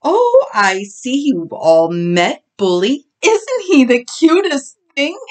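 A woman's voice: high voice, wildly swooping pitch, slow, pitched above the performer's own voice, heavily acted. A woman voicing a cheerful farm woman calling her pigs in a sing-song way, in a storybook reading.

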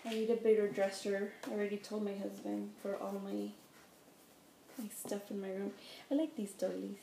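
A woman's voice: medium pitch, fairly even intonation, normal speed, vocal fry, dark tone. A woman chatting casually as she unboxes craft supplies, gushing, delighted and gasping over each piece. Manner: gushing, easily delighted, gasps. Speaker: craft vlogger. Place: home room. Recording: echoey room, faint background noise.

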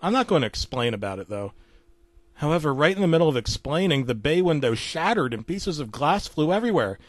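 A man's voice: fairly high pitch, very animated, fairly quick, no echo. Man narrating a creepy lost-episode tale. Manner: casual storytelling, dropping to a hush for gory parts.

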